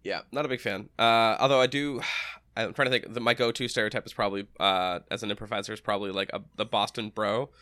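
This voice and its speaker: A man's voice: on the low side, steady tone, fast talker, pushed and bright, dry recording, studio quality. A young man, an improviser, chatting casually in an easygoing, hesitant way. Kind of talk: casual chat.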